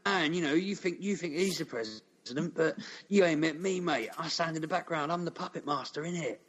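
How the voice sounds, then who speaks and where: A man's voice: on the high side, a little fast, slightly rough, voice pushed up. A man mockingly putting on a bragging, swaggering man who calls himself the puppet master. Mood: boastful. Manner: cocky, boastful, mocking.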